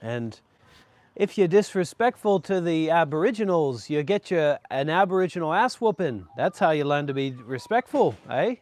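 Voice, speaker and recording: A man's voice: on the high side, animated, normal speed, few pauses, a little mellow, dry recording. A man joking crudely in a put-on Australian accent, mock-boastful and swearing through a travel vlog. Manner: crude, swearing, ironic bravado. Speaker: vlogger. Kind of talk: comedic travel vlog monologue.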